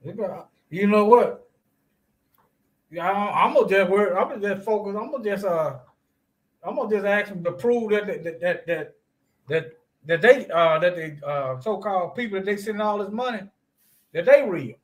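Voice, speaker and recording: High-voiced halting man. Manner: halting, repeats words, laughs often. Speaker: podcast co-host. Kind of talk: casual religious discussion.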